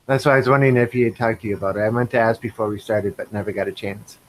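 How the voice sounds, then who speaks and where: A man co-hosting a casual livestream, reading viewer chat messages aloud in a relaxed way. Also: on the low side, rapid-fire, a little hiss or hum, rough recording.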